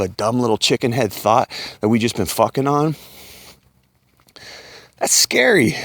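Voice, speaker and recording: A middle-aged man delivers a scornful, profanity-laced rant straight to the listener. His voice sits at an ordinary pitch and sounds close and dry, with little room around it. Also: creaky, dry recording. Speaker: commentator. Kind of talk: blunt rant to camera.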